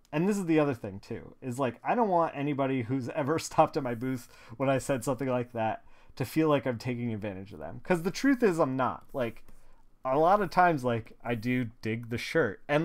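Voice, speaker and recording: A man, a comic colorist, talking casually on a live stream from a home studio at a desk mic, rambling with lots of "like" fillers. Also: medium pitch. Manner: rambling, filler-heavy, frequent "like". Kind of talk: casual chat while working.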